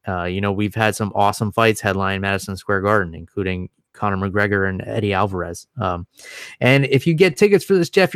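Low, smooth-voiced man talking fight news. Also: a bit bright, dry recording, clean studio sound. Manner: enthusiastic, swears casually. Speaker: MMA podcast co-host. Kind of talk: casual sports chat.

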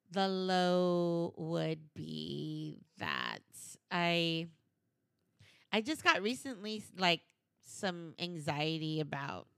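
A woman's voice: lowish voice, vocal fry, fairly bright tone, clear, resonant tone, no echo, clean studio sound. A woman co-hosting a podcast in casual chat, playful and slangy, telling stories with quoted voices. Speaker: podcast co-host.

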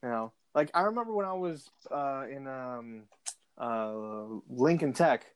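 This podcast co-host, a man with a mid-range voice, rambles through casual conversation full of fillers, restarts, and impressions of other voices. He sounds expressive and unhurried, and his tone is clean.

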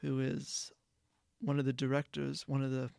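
Male podcast host, gravelly tone, rambly delivery with lots of restarts, dry close sound. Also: medium pitch, completely flat delivery, normal speed, darkish tone, no room sound. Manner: rambling, frequent restarts and self-corrections. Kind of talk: casual solo podcast talk.

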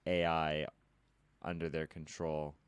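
A podcast host with a very low voice, talking casually and musing through ideas. The sound is dry and close to the mic. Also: male voice, little pitch movement, slow pace, smooth, no room sound. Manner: musing, speculative. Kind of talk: casual conversation.

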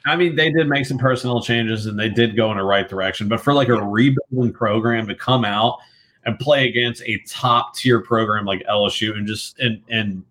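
A man's voice: fairly low pitch, moderate pace, a bit bright. A man co-hosting a sports podcast, talking bluntly and conversationally and swearing now and then. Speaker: podcast co-host. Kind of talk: casual sports chat.

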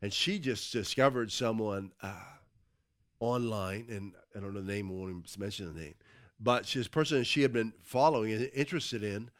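A man's voice: on the low side, fairly quick, dry recording, studio quality. A man who co-hosts a church talk, declaring scripture with emphasis and then chatting casually. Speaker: pastor co-hosting. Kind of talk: preaching, then casual chat.

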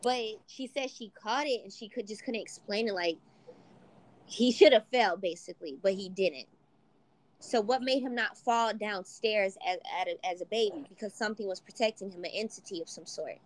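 A woman co-hosting a casual podcast chat, animated and acting out quoted voices. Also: mid-range voice, normal speed. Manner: animated, swears, acts out quotes. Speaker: podcast co-host.

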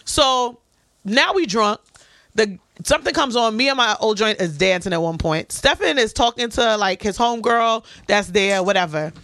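Animated woman telling a story. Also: mid-range voice, moderate pace, dry recording. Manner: animated, profane storyteller acting out dialogue. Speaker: podcast co-host. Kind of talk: casual storytelling chat.

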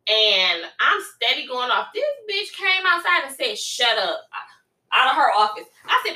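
A woman chatting casually and telling a story in a profane, animated way, with loud outbursts. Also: sits high, normal speed, reverberant, recorded from a distance. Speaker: podcast co-host.

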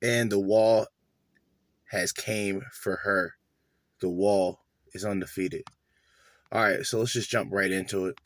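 A man's voice: on the low side, steady tone, takes it slowly, pauses often, no room sound. A man hosting a podcast, ranting bluntly and swearing a lot as he reacts to clips. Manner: blunt, profane, dismissive. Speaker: podcast host.

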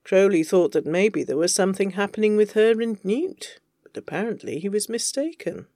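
A narrator reading fan fiction aloud, with even, wry storytelling. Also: medium pitch, moderate pace, no room sound, studio quality.

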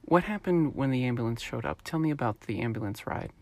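A man's voice: mid-range voice, expressive, quick pace, a little mellow, no echo. A man interviewing a guest, asking short prompting questions.

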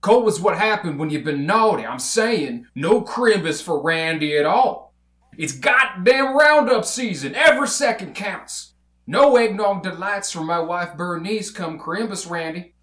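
A man playing a gruff drawling rancher. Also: sits high, lively intonation, a little slow, fairly bright tone, echoey room. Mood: scolding. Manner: rough drawling scolding. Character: gruff bossy male rancher, impatient and cussing. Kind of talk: comedy table read.

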